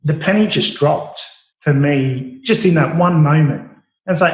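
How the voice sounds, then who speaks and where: A man's voice: on the high side, unhurried, roomy sound, poor audio. A middle-aged Australian man, a chef, telling stories casually in an interview, rambling with many fillers and restarts. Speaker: chef, podcast guest.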